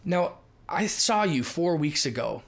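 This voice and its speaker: A middle-aged man from Minnesota, telling ministry stories in a lively, emphatic way as a podcast guest. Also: a little high, creaky. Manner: lively, emphatic, quick shifts in loudness. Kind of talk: animated storytelling in a podcast chat.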